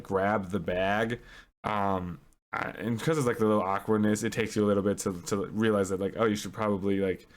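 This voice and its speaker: A man narrating a tabletop role-playing game as its game master, in a rambling, hesitant way. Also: lowish voice.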